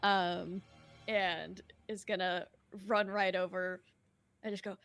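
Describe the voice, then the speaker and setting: A woman's voice: fairly low pitch, level tone, slow, fairly bright tone, no room sound, clean studio sound, faint music behind. A woman player in a tabletop game, talking casually and giggly, muttering her rolls under her breath.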